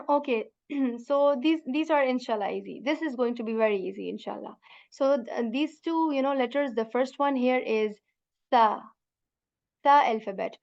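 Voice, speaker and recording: A woman teaching a beginner Quran Arabic lesson, patiently saying each sound slowly and repeating it for students to copy, and calling her students sister. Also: sits high, vocal fry, darkish tone, muffled recording.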